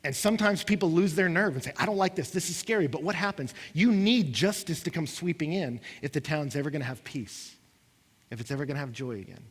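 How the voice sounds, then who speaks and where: Man, sermon, slightly high voice, impassioned, acts out listeners' lines, long hall reverb. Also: quick pace, husky. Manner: impassioned preaching, acting out what listeners say, rising and falling intensity. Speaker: pastor.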